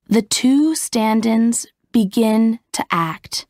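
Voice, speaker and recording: A woman reading a simple story as an audiobook narrator, in a careful, clearly articulated way. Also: mid-range voice, drawn-out words, pauses often, a little mellow, dry recording, clean studio sound. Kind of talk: scripted narration of a graded reader story.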